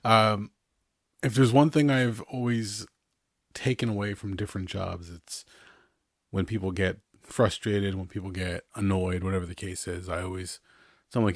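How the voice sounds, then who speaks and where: A man in his thirties with a fairly low voice, talking loosely as a podcast host. He rambles along in easygoing chat and chuckles often between his remarks. The sound is close and dry, with little room around it. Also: level tone, normal speed, no room sound. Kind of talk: casual chat.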